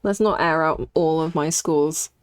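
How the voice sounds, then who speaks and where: A woman's voice: low voice, unhurried, clean tone, dry recording. A young woman streaming while she draws, chatting candidly and reacting to her chat. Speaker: streaming artist.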